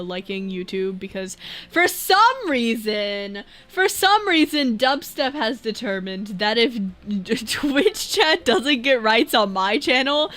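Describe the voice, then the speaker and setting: A woman streaming as a VTuber, chatting casually and reading viewer messages, rambling and breaking into loud laughs. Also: medium pitch.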